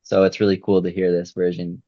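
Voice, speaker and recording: In a warm, low-pitched voice with little pitch movement, a music podcast co-host talks a little fast during casual chat. He comes across as reflective and thoughtful, with frequent uses of "you know," all captured on a dull, dry, lo-fi mic.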